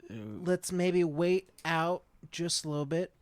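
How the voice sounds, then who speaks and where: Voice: medium pitch, expressive, measured pace, clear, resonant tone. A tabletop game player making playful, hesitant suggestions in character.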